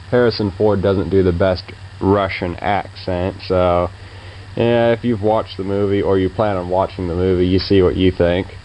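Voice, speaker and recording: A man's voice: deep voice, darkish tone, slight background noise, rough recording. A man giving casual, rambling spoken film reviews, full of fillers and offhand opinions. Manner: rambling, hesitant, lots of fillers; offhand, laid-back opinions.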